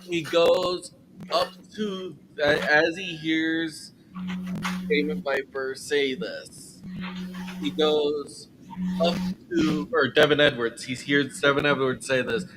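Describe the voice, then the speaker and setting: A man's voice: a little high, fairly even intonation, takes it slowly, noisy background. A man playing in a tabletop wrestling game, telling what his characters do with easy laughter. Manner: laughing, storytelling. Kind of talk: casual tabletop game play.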